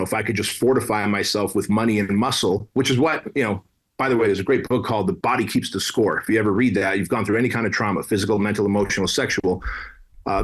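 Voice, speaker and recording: A man's voice: fairly low pitch, husky. A man from Armenia in his late thirties or older, a podcast guest telling a personal story in a blunt, casual way, with slang and swearing. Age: 30s. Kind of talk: candid conversational storytelling.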